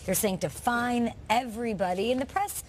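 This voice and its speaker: A woman's voice: on the high side, moderate pace. A woman hosting a morning sports talk show, upbeat as she brings in callers. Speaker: host.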